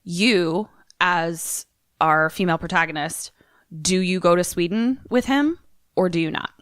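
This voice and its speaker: A woman's voice: on the low side, unhurried, no room sound, clean studio sound. Swearing young woman podcast co-host. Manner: animated, swearing, lots of "like". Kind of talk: casual chat, retelling a trailer.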